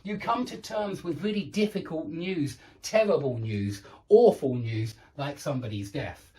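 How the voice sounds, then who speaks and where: Man, English teacher, animated up-and-down delivery, patient, repeats examples, leans on key words. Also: a little high, rough recording. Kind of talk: online English grammar lesson.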